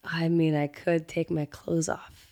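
A woman's voice: sits low, little pitch movement, measured pace, warm tone. A woman guest on a podcast, chatting in a candid, teasing way in a recording studio. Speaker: guest singer-songwriter. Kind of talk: casual interview chat.

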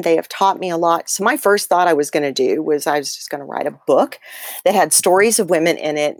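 A woman with a lower voice talks through a personal story as an interview guest. She is animated and keeps restarting her sentences with ums and likes. The recording is close and dry. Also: no room sound. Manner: animated retelling with many fillers and restarts. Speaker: guest author.

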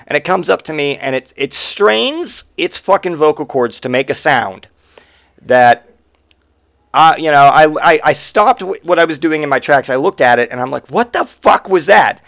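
A man's voice: a little high, expressive, moderate pace, creaky, a bit bright, no room sound, studio quality. Profane, rambling male podcast host. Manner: rambling and profane, with frequent swearing. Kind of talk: casual storytelling monologue.

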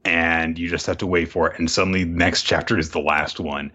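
A man on a casual podcast, giving reflective, measured critique of a story and its pacing. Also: deep voice, steady tone, pushed and bright. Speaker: podcast co-host.

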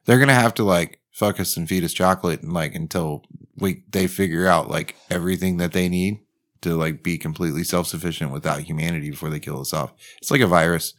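A man's voice: sits low, fairly even intonation, brisk. A man co-hosting a podcast, talking in loose, rambling casual banter and laughing often. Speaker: podcast co-host.

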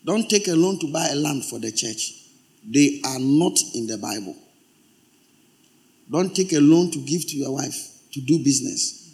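A man's voice: mid-range voice, expressive, normal speed, darkish tone. A male pastor preaching a sermon, emphatic and repeating his exhortations.

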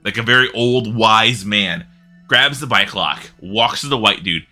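A man's voice: lowish voice, measured pace, soft background music. A man hosting a podcast, animatedly telling a story and laughing as he goes. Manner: animated, laughing, acts out quotes. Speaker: podcast host. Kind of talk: casual storytelling.

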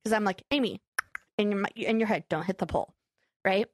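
A young adult woman hosting a podcast, telling a story in a casual chat, animated and acting out her own quotes with frequent laughter. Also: mid-range voice, a little fast, no room sound. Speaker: podcast co-host.

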